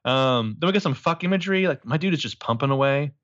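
A man's voice: medium pitch, animated, fast talker, fairly bright tone, muffled recording. A man casually recapping a movie as a podcast co-host, crude and joking, rambling with lots of fillers.

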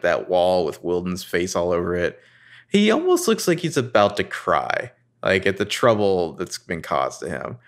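Low-pitched male podcast co-host, dry low-key delivery, casual. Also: a bit bright. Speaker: podcast co-host recapping a TV episode. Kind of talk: casual chat.

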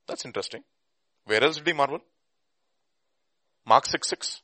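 A man preaching a sermon and teaching a Bible class, emphatic, with rhetorical questions and bursts of loud stress. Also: medium pitch, animated, moderate pace, long pauses, no room sound.

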